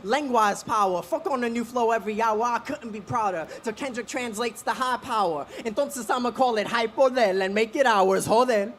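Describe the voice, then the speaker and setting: A man's voice: very high voice, normal speed, few pauses, a bit bright, a little hiss or hum. A man performing spoken word poetry with a rhyming, rap-like flow that slips into singing at times. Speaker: slam poet.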